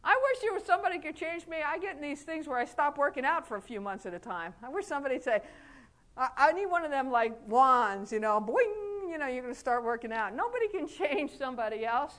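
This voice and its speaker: A middle-aged woman chiropractor giving a folksy, animated motivational talk, laughing often and acting out quotes. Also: sits high, fairly quick. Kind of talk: motivational speech to an audience.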